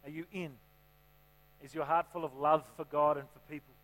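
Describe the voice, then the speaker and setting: A man's voice: a little high, flat delivery, normal speed, a bit bright. A man preaching a sermon in a church, chatty and joking, often asking the congregation questions. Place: church hall. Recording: reverberant hall with mains hum.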